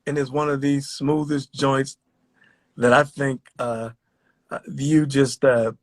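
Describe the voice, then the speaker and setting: Man, interviewer, enthusiastic, halting fillers, dry recording. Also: mid-range voice, little pitch movement, dry recording. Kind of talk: casual interview.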